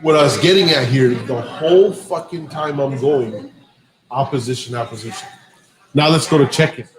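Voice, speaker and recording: A man's voice: medium pitch, moderate pace, a crowd in the background, rough recording. A man hosting a podcast, telling a long profane story in a casual way and acting out the dialogue. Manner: profane, animated anecdote-telling with quoted dialogue. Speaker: podcast host.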